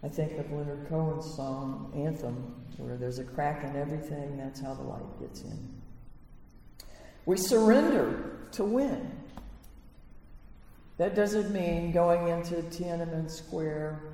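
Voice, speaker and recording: A man giving a sermon as minister, reflective and unhurried, pausing often with fillers. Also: on the high side, dark tone, a little hiss or hum. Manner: slow, reflective preaching with pauses and fillers. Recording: echoey hall from far off.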